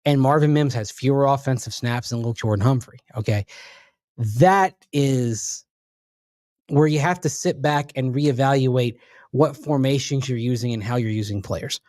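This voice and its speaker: A man's voice: medium pitch, normal speed, darkish tone, no room sound, studio quality. A man co-hosting a sports radio show, breaking down the team in an analytical, emphatic way. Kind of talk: casual sports talk.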